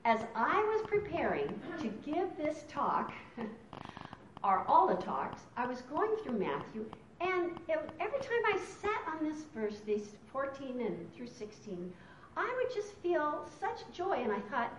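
A woman teaching a Bible study with emphatic, animated delivery, reading scripture aloud in a meeting room. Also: sits high, measured pace, slight background noise. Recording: roomy, distant, dull sound.

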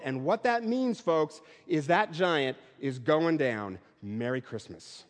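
A man's voice: high voice, very animated, a little slow, hardly any pauses. A male pastor preaching a Christmas sermon with rhythmic, building repetition. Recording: long hall reverb.

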